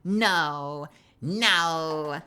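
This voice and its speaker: A woman's voice: low-pitched, extremely slow, sharp tone, smooth. A woman streaming a video game live, chatting playfully with her viewers as she plays. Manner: playful, chatty, talks to chat. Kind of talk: live gameplay commentary.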